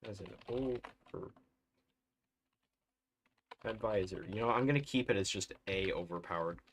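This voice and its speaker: A man with a soothing, soft-spoken voice giving casual live-stream commentary, thinking aloud, mumbling and correcting himself as he works. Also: on the low side, moderate pace, slight background noise.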